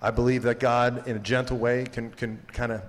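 A man's voice: medium pitch, level tone, normal speed. Rambling man in a reverberant hall. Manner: rambling and jokey, heavy with 'like' and 'you know'. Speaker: campus ministry speaker. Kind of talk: casual faith talk to students.

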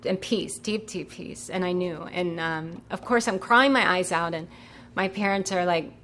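Young woman, religious sister sharing her testimony, earnest and emotional, bright tone. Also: a little hiss or hum. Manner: earnest and emotional, with quick rises in pitch. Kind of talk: personal testimony.

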